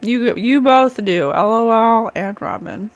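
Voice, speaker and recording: During a live-stream card reading, a middle-aged psychic medium talks to viewers in a casual, earnest and emotional way. Her voice is on the high side and expressive, and she takes it slowly.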